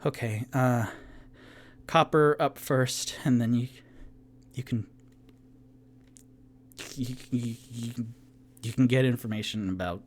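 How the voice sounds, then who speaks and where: A man voicing a weary, battered dragonborn bartender who speaks haltingly in a casual drawl. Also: medium pitch, a little hiss or hum, natural voice.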